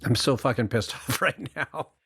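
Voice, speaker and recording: A man's voice: medium pitch, expressive, moderate pace, pushed and bright, breathy edge. Emphatic man in his forties. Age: 40s. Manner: reacts emphatically with swearing and laughter. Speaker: podcast guest. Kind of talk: casual podcast chat.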